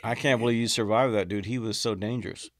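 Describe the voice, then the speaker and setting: A man's voice: lowish voice, steady tone, quick pace, dry recording, clean studio sound. A man co-hosting and reacting with brief comments in casual chat.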